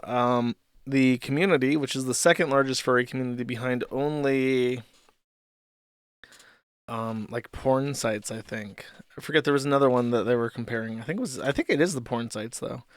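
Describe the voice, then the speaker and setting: In studio-quality audio with no echo, a streamer host with a mid-range, fairly bright voice reads posts aloud. He tears into them in loose, rambling, profane commentary.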